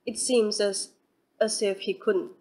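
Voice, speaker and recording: Elderly mother figure, timid, gentle, mild, slow, read by a woman, audiobook. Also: mid-range voice, fairly even intonation. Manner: mild, quiet and unhurried.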